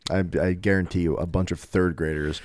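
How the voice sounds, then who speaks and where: A young man co-hosting a casual sports podcast, deadpan and skeptical as he recounts sports history. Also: deep voice, a little fast. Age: young adult. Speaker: podcast co-host.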